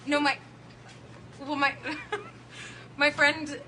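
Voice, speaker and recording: A woman's voice: sits high, little pitch movement, extremely slow. A woman heckling from the audience of a comedy club, giggly, defensive and snippy, picked up off-mic. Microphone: off-mic, picked up from the crowd. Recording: distant voice in a loud crowd.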